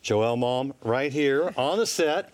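A male TV host asking friendly, halting questions in a casual studio interview. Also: medium pitch, animated, clear, resonant tone, dry recording. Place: TV studio set.

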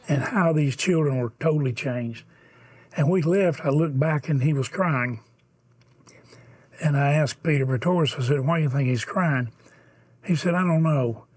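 Male host, husky voice, earnest heartfelt donation appeal. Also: fairly high pitch. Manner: pleading, heartfelt, drops to soft near-whispers. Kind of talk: earnest fundraising appeal and storytelling.

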